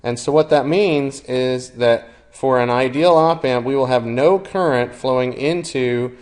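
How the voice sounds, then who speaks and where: A man with a middle-pitched voice talks through a technical lesson as a lecturer. He explains at an even, steady clip and drops an occasional filler. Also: measured pace. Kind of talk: recorded engineering lecture.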